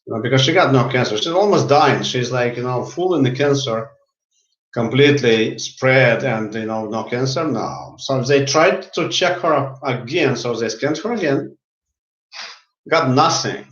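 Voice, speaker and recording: A man's voice: mid-range voice, a little slow, fairly bright tone. A man who works as a healer tells a story in casual speech, often repeating and restarting his words. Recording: roomy, dull lo-fi sound.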